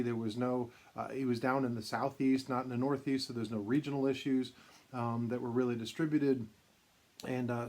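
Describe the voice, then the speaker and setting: A man's voice: mid-range voice, darkish tone. A man hosting his own channel, casually telling a long personal story with many fillers and restarts. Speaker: vintage card collector and channel host.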